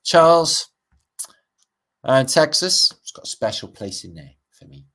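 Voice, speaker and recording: A man's voice: a little high, big pitch swings, unhurried, pushed and bright. A middle-aged man with a Welsh accent, hosting a livestream, rambling and swearing as he reads out and greets his chat. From Wales. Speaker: livestream host. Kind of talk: casual livestream chat reading out comments.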